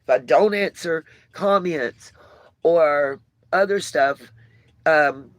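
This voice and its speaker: A woman's voice: deep voice, slow, no echo. A woman hosting a casual vlog from inside a motorhome, talking into her cell phone in an earnest, rambling way with lots of fillers while she gets dressed. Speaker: channel host.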